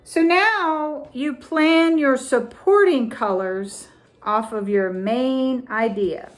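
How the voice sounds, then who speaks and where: A middle-aged woman hosting a crafting vlog, talking casually and deliberately as she shows ribbons and ornaments, often repeating her phrases. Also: sits high. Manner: slow, deliberate, repeats phrases while showing items. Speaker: crafting vlogger.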